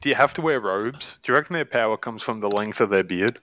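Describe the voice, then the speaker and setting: A man's voice: on the low side, animated, quick pace, sharp tone, no echo. A man co-hosting a casual podcast, wry and full of offbeat questions. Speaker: podcast co-host. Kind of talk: casual chat. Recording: dull dry mic.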